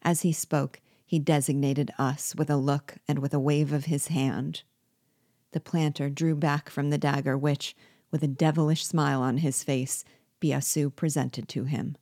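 Woman, low voice, reading a classic novel aloud, steady, expressive, dry close sound. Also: moderate pace, dry recording. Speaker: reader and teacher.

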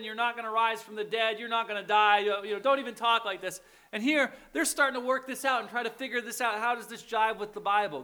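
Guy preaching a sermon, chatty, keeps asking "okay?", high voice. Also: bright, forceful tone. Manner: conversational, checks in with the audience. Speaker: pastor.

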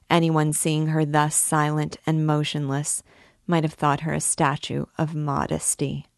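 Woman narrator, low gravelly voice, unhurried classic-novel reading. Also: no echo, studio quality. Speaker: book reader.

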